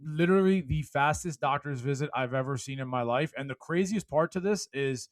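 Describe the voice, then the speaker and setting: A man in an interview, telling his own story with lively energy that rises and falls. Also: medium pitch, fairly quick, no room sound. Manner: animated, gets loud and laughs when telling a punchline. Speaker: guest speaker.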